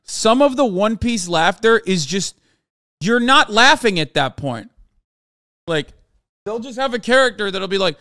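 A man's voice: high voice, expressive, normal speed, pushed and bright, no echo, clean studio sound. A man streamer in a casual, profane rant, talking emphatically and sounding exasperated.

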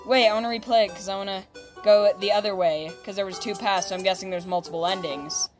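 A woman's voice: mid-range voice, steady tone, fast talker. Chatty woman hosting a game, music behind. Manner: chatty, upbeat, narrates on-screen text aloud. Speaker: gaming channel host. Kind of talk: casual let's-play commentary.

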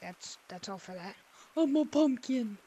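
Playful high-voiced woman gamer. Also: lively intonation, measured pace, warm tone, slightly rough, dull audio. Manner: playful and silly, jumping between mumbles and squeals. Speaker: gaming video creator. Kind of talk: casual gameplay commentary.

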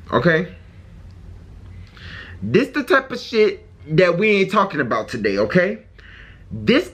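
Brash, husky-voiced man reacting. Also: sits high, fairly bright tone. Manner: brash, profane and exaggerated. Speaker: reaction video host. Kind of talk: casual reaction commentary.

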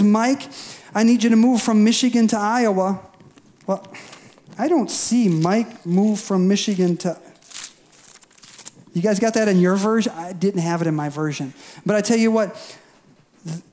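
A male pastor giving a sermon in a conversational, folksy way, at times acting out quick voices to make a point. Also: sits high, warm tone. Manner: bursts into acted voices for emphasis.

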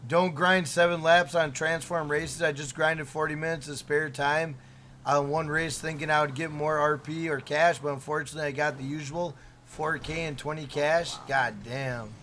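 A man's voice: fairly high pitch, fairly even intonation, normal speed, a bit bright, a little hiss or hum. A man live-streaming a game, chatting casually, swearing and joking as he reads out viewer messages.

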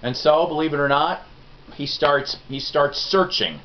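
A man's voice: on the high side, unhurried, a little hiss or hum. A middle-aged man hosting a music review vlog, chatting in a folksy, rambling, self-deprecating way straight to his viewers. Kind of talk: casual rambling review chat. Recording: dull lo-fi sound.

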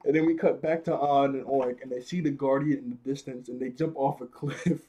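A man's voice: medium pitch, fairly even intonation, a little fast, mellow, slightly rough. A man casually recapping a cartoon episode in slangy talk, often laughing and correcting himself.

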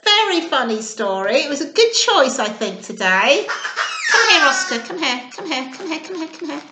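A woman reads to toddlers in a high, swooping sing-song voice, taking her time over every line. The tone is bright and clear, with a roomy echo around it. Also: very animated, moderate pace, heavy background noise. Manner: warm, sing-song, coaxing. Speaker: children's storytime reader. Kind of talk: reading a storybook aloud to young children.

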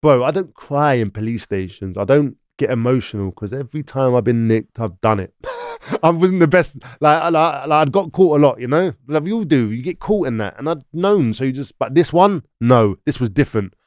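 London man as podcast guest, animated street-slang storyteller, dry close sound. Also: medium pitch, moderate pace, dry recording. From London, England. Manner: animated, slangy, acts out quoted voices. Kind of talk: casual storytelling.

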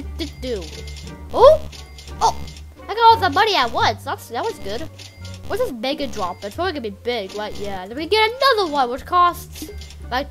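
A woman casually commenting while playing a game, rambling and excitable with lots of filler words. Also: high-pitched. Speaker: gameplay channel host.

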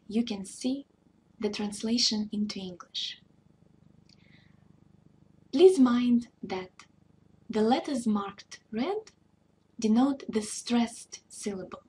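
A woman teaching a beginner language lesson, speaking in a patient, deliberate way and repeating phrases for learners to echo. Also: medium pitch, a little hiss or hum. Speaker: Russian tutor.

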